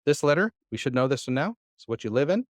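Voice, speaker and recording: A man's voice: mid-range voice, sing-song, quick pace, dry recording. Guy teaching a church class, patient, lots of uh's, dry sound. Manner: patient, quizzes the class, many "uh" fillers. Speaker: Bible Hebrew teacher. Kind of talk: live classroom lesson.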